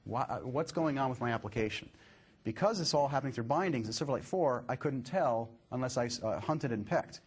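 A man presenting a live software demo, upbeat and explaining step by step as he clicks through his code. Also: medium pitch, animated, brisk, slightly rough.

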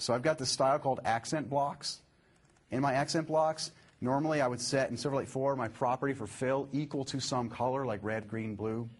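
Husky-voiced man giving a tech demo. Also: mid-range voice. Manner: upbeat, explains step by step while clicking through code. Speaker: software presenter. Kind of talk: live tech demo presentation.

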